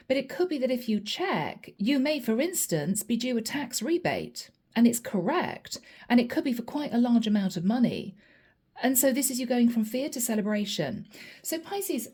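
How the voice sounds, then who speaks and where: A woman's voice: fairly high pitch, expressive, normal speed, warm tone. A woman giving a chatty spiritual reading straight to camera, often calling the listener by their star sign. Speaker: tarot reader.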